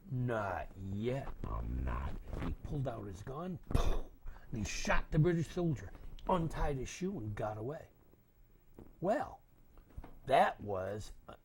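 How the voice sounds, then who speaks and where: An older man telling a story to children, dramatic and animated, dropping to whispers and acting out voices. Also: fairly low pitch, a little hiss or hum.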